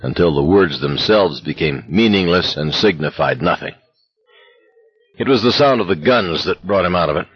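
A male narrator reads a novel in a steady, intense voice. His tone is very low and husky, with a dry, close sound. The recording itself is dull and lo-fi. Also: moderate pace, no room sound. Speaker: audiobook narrator. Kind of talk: scripted narration.

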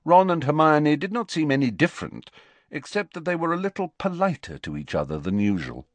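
Male audiobook reader, low and animated, dry close sound. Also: dry recording. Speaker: audiobook narrator. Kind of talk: audiobook narration.

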